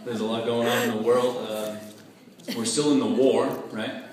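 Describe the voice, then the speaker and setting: A man doing a stand-up comedy set, deadpan with laughing asides, on a club stage. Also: medium pitch, moderate pace, background noise. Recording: echoey club with crowd laughter. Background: audience laughing.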